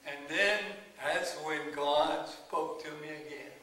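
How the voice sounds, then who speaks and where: A man preaching, telling a personal story slowly and acting out his talks with God. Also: on the high side, bright, forceful tone. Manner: slow storytelling, acts out dialogue with God. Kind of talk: sermon testimony. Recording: echoey hall, mic at a distance.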